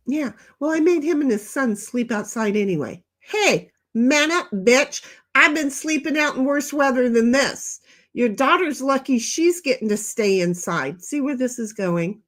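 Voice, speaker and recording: High-voiced older woman chatting bluntly. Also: moderate pace, fairly bright tone. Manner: blunt, rambling and profane. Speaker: livestream host reading chat. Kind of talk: casual livestream chat.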